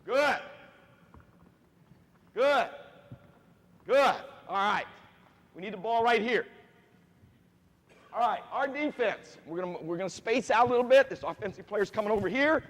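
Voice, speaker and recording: Brief: animated high-voiced man as youth basketball coach, quizzing kids, long gym reverb. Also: measured pace, pauses often. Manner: animated, asks the players questions, repeats key points. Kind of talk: coaching clinic instruction. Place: gym with players on court.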